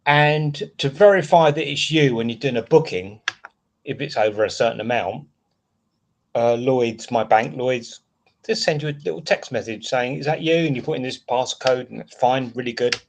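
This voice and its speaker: Speaking at a moderate pace in a mid-range voice, this man hosts a laid-back live stream. He vents his frustration in rambling fashion while reading out what the chat says.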